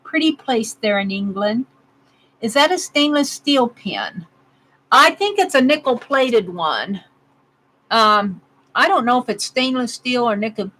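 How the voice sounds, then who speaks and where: Woman, 60s, craft-stream host, chatty and giggly, slightly high voice. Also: sharp tone, low-quality recording. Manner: chatty, giggly, reads out comments. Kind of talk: casual chat with live viewers. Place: home craft room.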